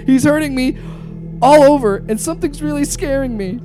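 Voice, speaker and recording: A woman's voice: high voice, moderate pace, warm tone, faint music behind, voice pushed up, natural voice. A woman voicing a terrified five-year-old girl who pleads, whimpers and cries for help.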